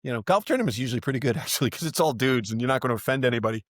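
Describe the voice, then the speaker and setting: A man's voice: mid-range voice, very fast, no echo, clean studio sound. A man, a stand-up comic guest on a podcast, telling a long anecdote and acting out the voices of the people in it. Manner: animated, acts out voices in anecdotes. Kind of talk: casual storytelling.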